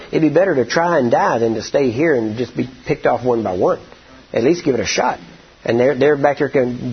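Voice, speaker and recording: A husky, breathy-voiced man preaching with folksy storytelling that builds to forceful declarations. The recording sounds dull and lo-fi. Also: mid-range voice. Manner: folksy, drawn-out storytelling, rising to emphatic declarations. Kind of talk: sermon with storytelling.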